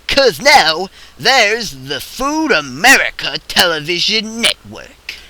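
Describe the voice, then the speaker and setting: A man narrating parody commercials in a goofy, animated way. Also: high-pitched, slow pace, few pauses, poor audio. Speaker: comedy sketch creator.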